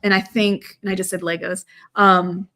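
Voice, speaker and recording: A woman's voice: medium pitch, little pitch movement, moderate pace, pushed and bright. Rambling woman guest. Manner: rambling, hesitant, with many fillers. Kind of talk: casual chat.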